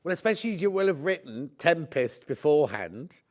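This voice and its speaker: A man's voice: fairly high pitch, very animated, fairly quick, a little mellow. A middle-aged man hosting a live shopping show, chatting and joking as he rambles into anecdotes between prices. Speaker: shopping channel presenter.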